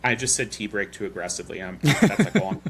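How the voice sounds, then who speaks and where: A man's voice: on the low side, big pitch swings, quick pace, vocal fry, fairly bright tone, husky. A man hosting a podcast, telling stories in a chatty, rambling way. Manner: chatty storyteller, loose and rambling. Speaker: podcast host. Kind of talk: casual chat.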